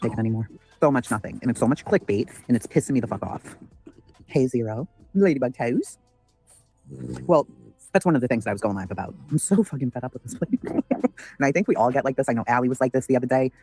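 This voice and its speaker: Fast-talking profane man hosting a livestream. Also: medium pitch, expressive, darkish tone, slightly rough, soft background music. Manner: profane, ranting, greets chat by name. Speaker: livestream host. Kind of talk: casual livestream commentary.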